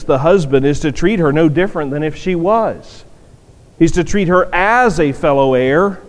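Here the preacher's voice is a little high and a little mellow. Speaking earnestly from a church sanctuary, he leans on repetition for emphasis, and his words ring out in the long reverb of a large hall.

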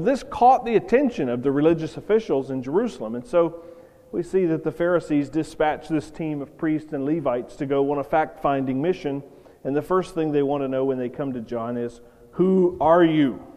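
A man's voice: a little high, dark tone. A man preaching a sermon in a conversational, storytelling way with emphatic points. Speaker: pastor. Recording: long reverb of a hall.

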